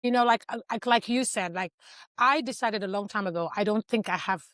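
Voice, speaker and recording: A woman telling a personal story on a podcast, animated and emotional, acting out the scenes she describes. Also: mid-range voice, a little fast, dry recording. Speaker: podcast guest. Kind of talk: casual podcast chat.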